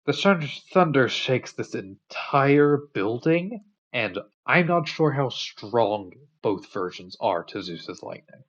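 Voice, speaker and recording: A man casually retelling a story in a relaxed, rambling way with lots of fillers. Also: mid-range voice, takes it slowly, husky, dull audio. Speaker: commentator.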